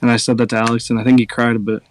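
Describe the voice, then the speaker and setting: A man's voice: mid-range voice, flat delivery, racing, crowd noise. A man hosting a podcast, telling stories in a rambling casual way with lots of filler words. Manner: rambling storyteller, many "like" fillers. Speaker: podcast host. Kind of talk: casual chat.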